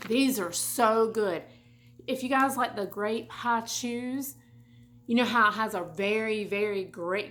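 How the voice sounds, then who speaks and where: A woman's voice: medium pitch, a bit bright, a little hiss or hum. Chatty woman rambling through a haul. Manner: chatty, rambling, asides and restarts. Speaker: vlogger. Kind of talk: casual haul chat. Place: home room.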